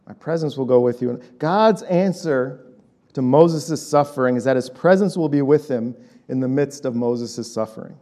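A man's voice: on the high side, darkish tone. Conversational man in his late thirties preaching. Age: late 30s. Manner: conversational, checks in with "right?". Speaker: pastor. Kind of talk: sermon.

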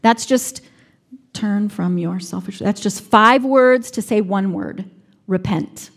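Female preacher, reflective sermon delivery, mid-range pitch. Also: takes it slowly. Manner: reflective, acting out quoted speech.

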